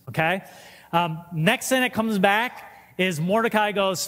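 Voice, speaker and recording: A man's voice: high-pitched, normal speed, fairly bright tone, big-room sound. A man preaching a sermon as pastor, retelling scripture in casual, paraphrased speech.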